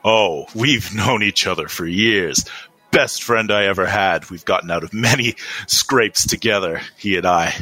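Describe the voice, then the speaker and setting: A man's voice: low-pitched, unhurried, bright, forceful tone, dry recording, heavily acted. A man voicing a nervous, evasive nobleman's bodyguard who stammers through his answers. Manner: flustered, stammering.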